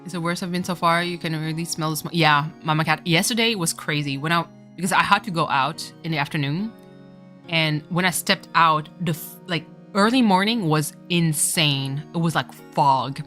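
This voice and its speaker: A woman's voice: deep voice, normal speed, a bit bright, soft background music. A woman chatting casually on a live stream while playing a game, joking and swearing with bursts of laughter. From Canada.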